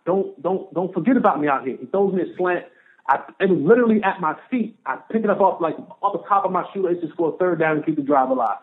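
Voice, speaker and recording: A man, a former football player, telling a story as a podcast guest, animated and repeating phrases for emphasis. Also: high voice, fast. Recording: tinny phone-line audio.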